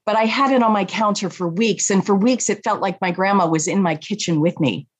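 A woman telling a family story in an unhurried, reflective way. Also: medium pitch, breathy edge. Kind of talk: personal story told to an audience.

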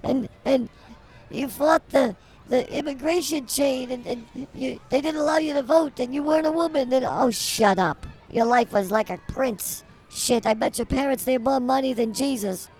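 Someone doing a brash, husky older broad. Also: medium pitch, moderate pace, hardly any pauses, close to an everyday voice. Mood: mock-outraged. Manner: rambling, theatrical, swings to shouting. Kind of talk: improvised comedy podcast.

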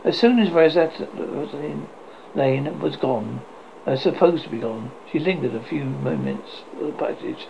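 Gravelly male storyteller reading aloud. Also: on the high side, normal speed. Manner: steady read-aloud narration with small slips. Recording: slightly dull, faint hiss.

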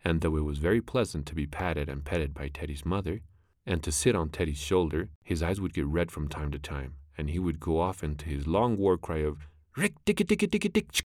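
A man narrating a classic animal story in a measured, expressive way. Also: rumbling low, no room sound, studio quality.

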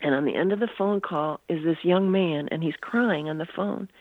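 Older female guest telling meandering stories over a tinny phone line, flat dry sound. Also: on the low side, normal speed, hardly any pauses, dry recording. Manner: rambling, full of "you know" asides. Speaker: guest author. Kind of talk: phone interview storytelling.

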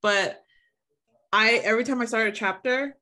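A woman's voice: on the high side, moderate pace. A young woman hosting a book podcast in casual chat, chatty and giggly, acting out her own reactions. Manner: chatty, giggly, animated retelling. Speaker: podcast host.

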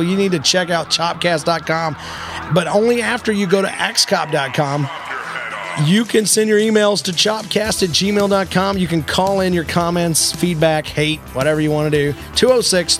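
A man hosting a podcast in casual chat, jokey and chatty, often restarting his sentences. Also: high voice. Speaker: podcast host.

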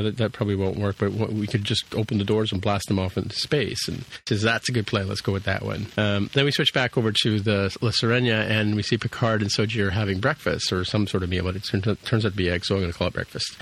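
A man's voice: lowish voice, low-quality recording. A man hosting a podcast, casually retelling a TV episode scene by scene, with lots of fillers and restarts. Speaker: podcast host recapping a TV episode. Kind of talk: casual chat.

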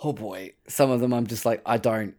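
A man's voice: mid-range voice, normal speed, a little mellow. A man co-hosting a podcast in casual chat, swearing freely and acting out his own reactions. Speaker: podcast co-host.

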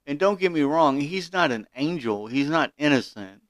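Male podcast host, opinionated commentary, smooth voice, indignant with stumbling restarts. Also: fairly high pitch, expressive, normal speed, a bit bright, no room sound. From Kentucky, USA.

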